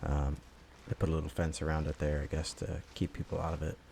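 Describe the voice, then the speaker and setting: A man with a very low voice and a gravelly, fried edge talks his viewers through his footage in a loose, easygoing voice-over. He rambles a little and drops in plenty of "uh"s and "um"s as he goes. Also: fast talker, a little hiss or hum. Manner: rambling, relaxed, many filler words. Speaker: vlogger. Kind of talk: casual voice-over narration.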